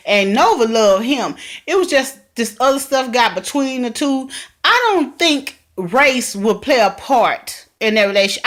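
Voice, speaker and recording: Woman vlogger, chatty TV recap, excitable, speaks to camera, pitched a bit high. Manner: chatty and excitable, talks straight to viewers. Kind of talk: casual TV recap vlog.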